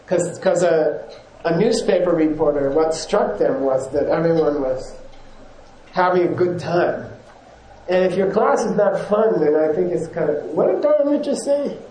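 Mellow higher-voiced man teaching, echoey room. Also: lively intonation, measured pace, a little hiss or hum. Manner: rambling, chuckles often, self-correcting. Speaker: yoga teacher. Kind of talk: casual teaching talk to a class.

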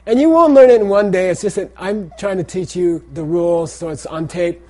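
A middle-aged man teaching Tibetan language and Buddhist texts lectures his class on Tibetan pronunciation. His voice sits high and warm, and he speaks briskly, repeating phrases and checking in with the students by asking "okay?".

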